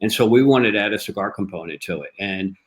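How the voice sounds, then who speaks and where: A man telling a story in a casual interview, lively, acting out the dialogue he quotes. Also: on the low side, quick pace, low-quality recording. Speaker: cigar company guest. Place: live online show.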